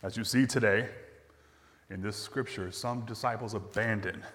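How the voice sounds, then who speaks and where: A male pastor preaching a sermon, telling a personal story in a conversational way and letting phrase ends fall quiet and slow. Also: fairly low pitch, steady tone, big-room sound. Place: church sanctuary.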